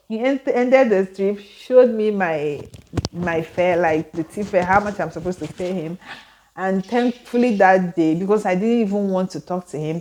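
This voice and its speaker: A young woman with a Nigerian accent tells a personal story straight to her camera from home. She is animated, full of exclamations and rhetorical questions. Her pitch sits in the ordinary middle for a woman. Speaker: vlogger. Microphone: camera mic with ring light.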